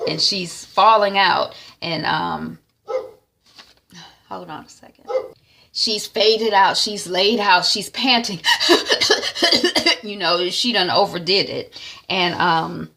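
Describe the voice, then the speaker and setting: A woman casually recapping episodes of a web series in a chatty, animated way. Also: lowish voice, slow, creaky, a little hiss or hum. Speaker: TV series reviewer.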